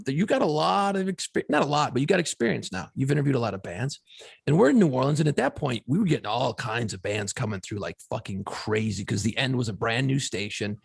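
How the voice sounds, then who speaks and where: A middle-aged man co-hosting a podcast, a former radio DJ telling profane, animated stories in casual chat. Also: medium pitch, a little fast, creaky, husky.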